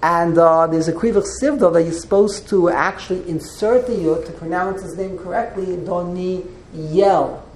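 Woman teacher, lowish voice, restarts words while lecturing, echoey classroom sound. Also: moderate pace, hardly any pauses, darkish tone, slight background noise. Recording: roomy echo.

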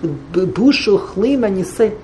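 A woman teaching a Torah lecture in an animated way, often stammering and restarting when excited, and dropping in many Hebrew and Yiddish terms. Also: mid-range voice, moderate pace, slight background noise.

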